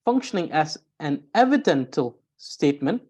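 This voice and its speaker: A woman with a fairly low voice lectures on grammar in an unhurried, careful way. She circles back to restate each point and pauses with small fillers as she thinks. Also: sing-song, warm tone, slightly rough. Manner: careful, repeats and rephrases points, frequent "uh". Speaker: Tibetan grammar teacher.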